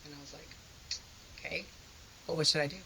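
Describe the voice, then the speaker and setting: A woman's voice: low-pitched, little pitch movement, brisk, sharp tone, slight background noise, rough recording. A woman telling her own story of a hard time in an earnest, conversational, self-deprecating way. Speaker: guest sharing a personal testimony. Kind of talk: candid personal storytelling.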